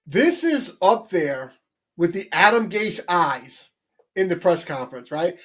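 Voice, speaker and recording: A man co-hosting a sports talk show, talking in an animated, rambling way with lots of restarts. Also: high voice. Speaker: sports podcast co-host.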